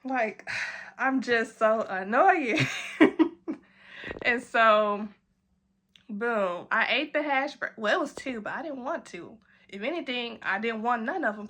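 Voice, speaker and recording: Young woman, bright voice, animated storytime, acts out quotes. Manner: animated, acts out quotes in a high voice, swears and laughs. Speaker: vlogger telling a story. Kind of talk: casual storytime.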